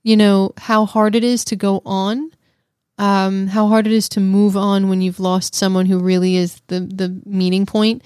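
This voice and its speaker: A woman's voice: mid-range voice, little pitch movement, moderate pace, a little mellow, smooth, no echo, studio quality. A woman co-hosting a casual film review podcast, thoughtful and teasing, often restarting her sentences. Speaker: podcast co-host.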